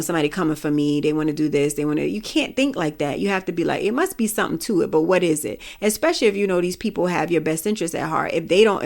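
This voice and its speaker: A woman's voice: fairly low pitch, vocal fry. A middle-aged woman hosting a podcast, talking candidly and bluntly in a casual opinion monologue, with some swearing. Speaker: podcast host.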